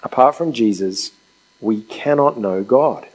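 A man's voice: medium pitch, a little slow, poor audio. A man preaching a sermon in a conversational way, asking rhetorical questions and acting out quotes.

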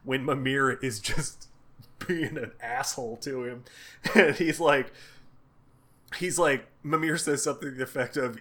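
A man co-hosting a casual comic book podcast, swearing freely, laughing often and acting out characters' lines in quick bits. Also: medium pitch, bright, forceful tone. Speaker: podcast co-host.

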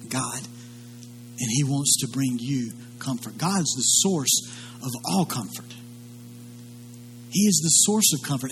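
A male pastor preaching a sermon in an earnest, conversational way. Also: a little high. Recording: long hall reverb, faint hum.

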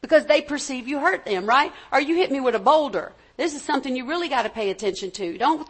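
High-voiced woman preaching a sermon. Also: lively intonation, fast, a bit bright. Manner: conversational, calls for amens from the congregation.

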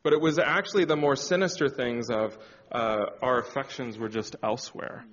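A man's voice: mid-range voice, steady tone, moderate pace, a bit bright. A man telling his marriage story as a personal testimony in a church talk, candid and reflective with many fillers. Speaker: church speaker. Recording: dull sound with long hall reverb.

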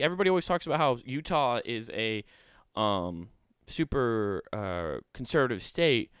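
A man's voice: lowish voice, smooth, dry recording, clean studio sound. A man hosting a podcast, reading news articles aloud and riffing on them in a rambling, profane, joking way. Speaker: podcast host.

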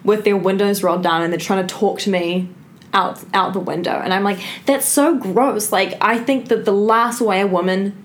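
A woman telling a story in casual chat, animated and emphatic, swearing freely. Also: medium pitch, brisk. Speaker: co-host.

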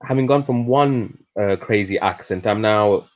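A man's voice: fairly low pitch, measured pace. A man with an English accent, a podcast co-host telling a story in casual, chatty conversation. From England. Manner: chatty storyteller, animated when joking. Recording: lo-fi audio.

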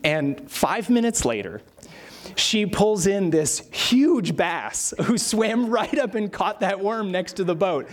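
A man's voice: high-pitched, animated, slow pace. A man, a pastor preaching a sermon and telling stories with acted-out quotes.

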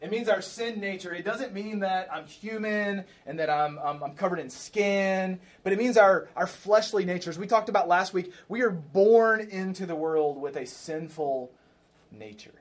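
A man preaching a sermon in a church, his voice sitting a little higher than most men's. He talks to the congregation in a conversational way, throws questions at them and repeats key phrases to drive them home. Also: normal speed. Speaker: pastor.

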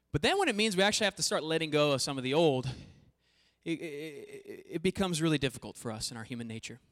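A pastor preaching a sermon to a congregation, talking animatedly and swinging between quiet passages and loud emphatic bursts. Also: mid-range voice. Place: church hall before a congregation. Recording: long echoey hall reverb.

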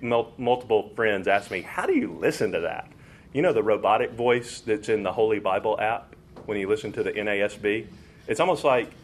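A man teaching a Bible study in an informal, explanatory way, walking listeners through a passage. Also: mid-range voice. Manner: explanatory, informal, drops into quoting scripture.

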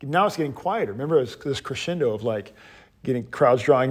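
A man, a pastor, teaching an adult class in a lively way, standing and moving about, often restarting his sentences. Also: mid-range voice, fairly quick, slightly rough. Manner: animated, paces while teaching, frequent restarts.

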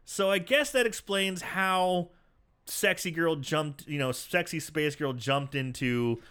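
A man's voice: fairly high pitch, slow, smooth. A man in casual chat, retelling a film scene by scene, cursing freely and acting out the lines. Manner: animated, swears, acts out movie lines in put-on voices. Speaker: podcast co-host recapping a movie.

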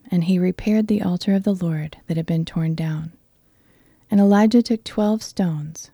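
Woman, Bible reading, measured and earnest, mellow dark tone, dry close recording. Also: on the low side, no echo. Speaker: Bible reader.

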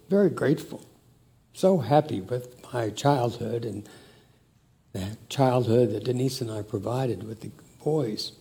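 An older man telling family stories in a slow, reflective, emotional way. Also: mid-range voice. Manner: slow, warm, emotional storytelling.

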